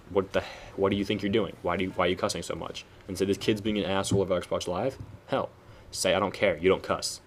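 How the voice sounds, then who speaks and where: A man's voice: low-pitched, slight background noise. A young man giving a rambling, preachy spoken commentary, often correcting himself mid-sentence. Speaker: video commentator.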